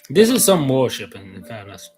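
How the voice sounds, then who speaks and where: A man's voice: medium pitch, very animated, moderate pace, darkish tone, soft background music, rough recording. Rambling Irish man vlogging. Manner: rambling, hesitant, many ums and restarts, casual swearing. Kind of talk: casual rambling commentary.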